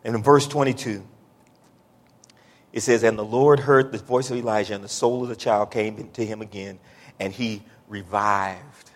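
A man preaching a sermon in a church, building from low, drawn-out talk to shouted, pleading prayer. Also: fairly even intonation. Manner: Southern-style preaching cadence, says y'all. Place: church sanctuary. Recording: echoey church hall.

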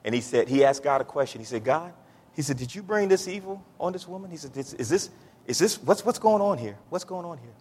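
A man preaching a sermon in a church, building from low, drawn-out talk to shouted, pleading prayer. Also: expressive, husky. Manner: Southern-style preaching cadence, says y'all. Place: church sanctuary. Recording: echoey church hall.

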